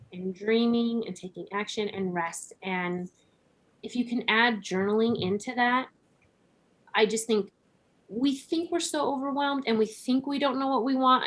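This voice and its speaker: A woman talking as a podcast guest in a relaxed conversation, reflective, laughing often and using many "like" and "right?" fillers. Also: medium pitch.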